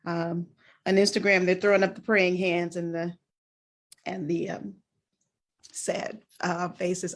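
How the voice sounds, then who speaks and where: A woman's voice: on the low side, little pitch movement, takes it slowly, pauses often. A woman hosting a live-streamed interview, speaking effusively with lots of fillers over a video call. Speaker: host.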